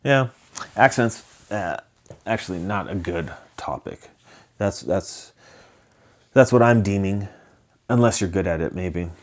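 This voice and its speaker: A man's voice: deep voice, expressive, unhurried. A man from Southern California hosting a solo podcast, rambling and hesitant, with many ums and restarts. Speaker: podcast host. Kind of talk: casual solo podcast chat.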